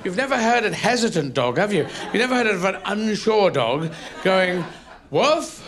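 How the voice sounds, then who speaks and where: A man's voice: high-pitched, very animated, fairly quick, very noisy. A man doing a rambling, self-mocking stand-up set on a comedy club stage. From England. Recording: live stage with audience.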